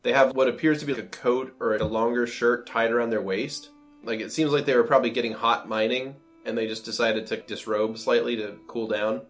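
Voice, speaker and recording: A man's voice: medium pitch, fairly even intonation, a little fast, soft background music. A man running a tabletop game as game master, describing scenes in a loose, rambling way with lots of fillers.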